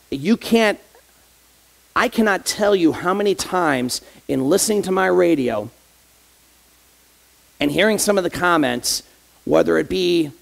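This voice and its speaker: An associate pastor delivers a conversational sermon in church, speaking straight to the congregation and posing rhetorical questions. His voice sits fairly high and has a creaky quality.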